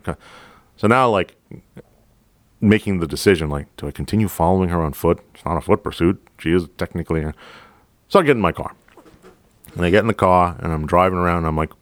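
A man, a police officer hosting a podcast, telling a work story in a calm, casual, profane, deadpan way. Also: low voice, fairly quick, pauses often, no echo.

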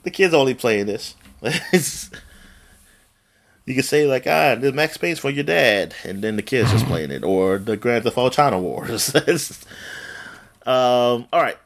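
A man in his late thirties co-hosts a podcast, rambling through casual chat full of fillers and frequent laughter. His medium-pitched voice is expressive and a little slow.

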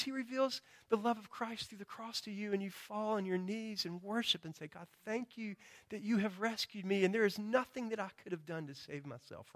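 A man's voice: high voice, fairly bright tone. A man preaching a sermon in an emphatic, rhetorical way, often asking "right?" and acting out quoted confessions in a raised voice, with a chesty cough. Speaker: pastor.

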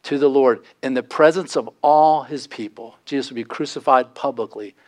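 Male pastor, mid-pitched voice, earnest pleading sermon delivery that rises for emphasis. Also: moderate pace.

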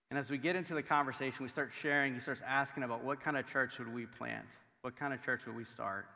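Bright-voiced pastor preaching in a hall. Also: male voice, medium pitch, fast talker, creaky. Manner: conversational, filler-heavy, animated storytelling. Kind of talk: sermon with humorous family stories. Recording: long hall reverb.

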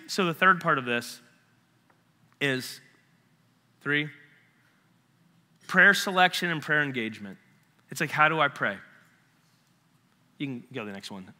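A man's voice: a little high, bright, forceful tone, in a large hall. A man giving a casual, story-driven sermon, acting out conversations as he retells them. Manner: storytelling, acts out both sides of a dialogue. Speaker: preacher.

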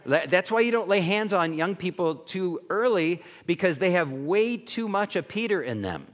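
Animated male pastor in a reverberant hall. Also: sits high, normal speed. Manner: conversational, animated, acts out quoted voices. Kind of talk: sermon.

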